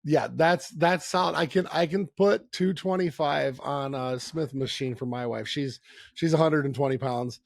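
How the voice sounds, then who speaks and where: A man hosts a podcast in an easygoing, rambling way, circling back and restarting his sentences. His voice has a gravelly, fried edge. The sound is dry and close, with no room around it. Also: a little high, normal speed, dry recording. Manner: relaxed, rambling, many restarts. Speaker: podcast host. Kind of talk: casual conversation.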